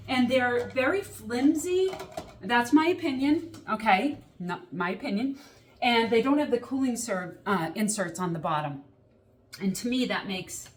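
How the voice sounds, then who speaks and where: A woman's voice: on the high side, a little hiss or hum. A middle-aged woman hosting a casual kitchen demonstration, chatty and upbeat, checking in with viewers with a frequent "okay?". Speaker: cooking show host.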